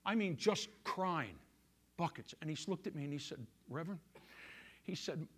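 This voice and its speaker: High-voiced preaching pastor. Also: male voice, animated, normal speed, husky. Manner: storytelling preacher, swings from loud emphasis to hushed quiet. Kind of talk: sermon.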